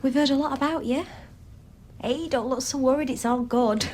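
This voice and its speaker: A woman's voice: high voice, normal speed, darkish tone, slight background noise, close to an everyday voice. An actress playing a chirpy, overly cheerful woman. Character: chirpy woman meeting a stepdaughter.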